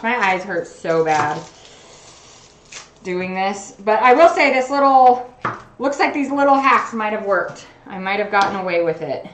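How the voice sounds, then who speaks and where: A woman's voice: mid-range voice, expressive, measured pace, reverberant, a little hiss or hum. A woman chatting casually on a cooking livestream, narrating what she does as she chops in her home kitchen. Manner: chatty, talks while chopping, self-narrating. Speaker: cooking streamer.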